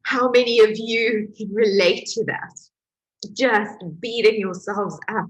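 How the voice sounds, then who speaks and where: A woman speaks in a husky, breathy voice that sits a little high. She gives a candid, confessional motivational talk as a healing coach and tells her own story with open emotion. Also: fairly even intonation, takes it slowly, poor audio.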